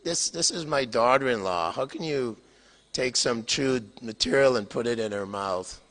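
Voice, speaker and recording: A quarrelsome old mother-in-law protests in a fretful tone, voiced by an older man in a lecture. The voice is bright and carries a long hall reverb. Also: medium pitch, expressive, normal speed.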